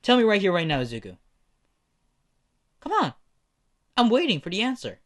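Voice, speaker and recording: A man's voice: fairly high pitch, expressive, normal speed, a bit bright. A man voicing a brash, foul-mouthed teenage boy. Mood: taunting. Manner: boastful and taunting, swearing.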